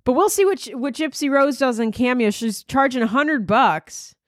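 A woman's voice: sits high, moderate pace, dry recording, clean studio sound. A woman comedian hosting her podcast, rambling through a crude, self-mocking comedic monologue. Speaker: comedian host.

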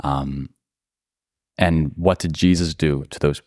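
A man's voice: very deep voice, steady tone, takes it slowly, a little mellow, dry recording, clean studio sound. A man co-hosting a casual faith discussion, talking earnestly with frequent "like" and "right?". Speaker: podcast co-host.

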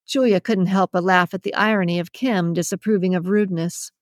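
A woman reading a romance novel aloud as audiobook narrator, in an even, measured storytelling manner. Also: fairly low pitch, no room sound, studio quality. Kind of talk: scripted narration.

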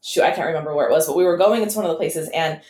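A woman casually chatting as a podcast co-host, telling travel stories with lively acted-out reactions and frequent swearing. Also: fairly low pitch, fast. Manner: animated storyteller, swears freely, acts out her own reactions. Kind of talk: casual chat. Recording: roomy echo.

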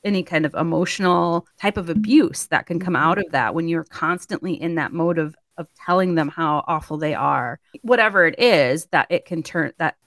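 A woman's voice: deep voice, moderate pace, hardly any pauses, fairly bright tone. A woman co-hosting a casual chat, a chatty storyteller who laughs often. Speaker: podcast co-host.

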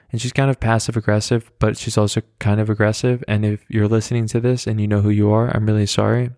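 A man hosting a solo podcast, telling rambling, self-deprecating stories in his flat with many fillers, carrying a handheld mic around as he walks. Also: fairly low pitch, fast talker, no room sound, studio quality. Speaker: podcast host. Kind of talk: casual solo storytelling. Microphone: handheld mic carried around.

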